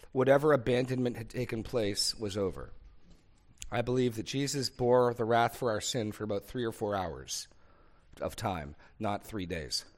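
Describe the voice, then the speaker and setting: A man leading a Bible discussion as pastor, speaking earnestly, thinking aloud with small restarts and building points through rhythmic repetition. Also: mid-range voice. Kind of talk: unscripted teaching in a sermon discussion.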